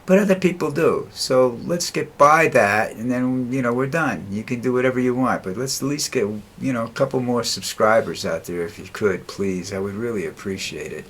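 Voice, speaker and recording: A man's voice: medium pitch, moderate pace, few pauses, fairly bright tone, breathy edge. Older male vlogger, blunt and rambling, stops and restarts a lot, easily tired. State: tires easily, dizzy after walking. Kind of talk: casual monologue.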